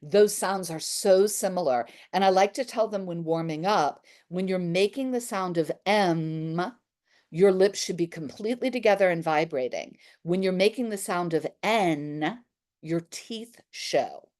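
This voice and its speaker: A woman theatre teacher leading a workshop, calling out crisp exaggerated articulation drills for the group to repeat. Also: fairly low pitch, normal speed, a little mellow. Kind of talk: workshop instruction with call and response.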